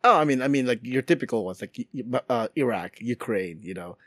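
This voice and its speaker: Man, podcast co-host, lively rambling chat, dry close mic. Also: mid-range voice, a little fast, dry recording. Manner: rambling, many restarts and fillers. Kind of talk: casual chat.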